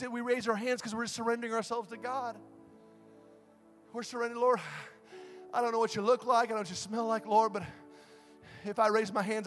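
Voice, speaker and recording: Male preacher, high voice, shouted-to-soft sermon, long church reverb. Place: large church hall. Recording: live church sound with long reverb and music behind.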